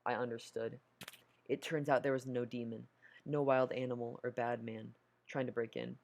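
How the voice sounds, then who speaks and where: A man's voice: mid-range voice, little pitch movement, moderate pace, creaky. A man reading a horror story aloud, nervous, stumbling over words and correcting himself. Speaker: story narrator.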